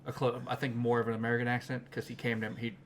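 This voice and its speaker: A man's voice: mid-range voice, monotone, fast, a little hiss or hum. Male podcast co-host, rambling casual recap, mid-range voice, laughs a lot. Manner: rambling, laughing, with frequent restarts and fillers. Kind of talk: casual chat recapping anime episodes.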